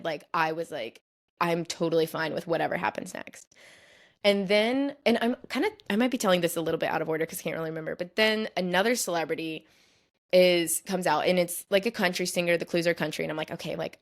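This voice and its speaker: A woman's voice: lowish voice, fast. Chatty young woman telling a story. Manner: chatty, fills nearly every phrase with "like". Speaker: podcast host. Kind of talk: casual storytelling monologue.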